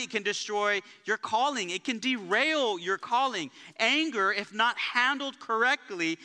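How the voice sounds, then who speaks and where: A man preaching a sermon as pastor, talking in a casual, energetic way, with jokes and personal stories. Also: high voice. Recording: live church sanctuary with long reverb.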